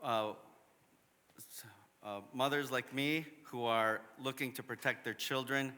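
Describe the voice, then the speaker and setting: A man's voice: medium pitch, fairly even intonation, measured pace, pushed and bright, smooth. A man interpreting a speaker's testimony into English at a council meeting, earnest with some hesitation. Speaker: interpreter at public comment. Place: large council chamber. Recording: long hall reverb.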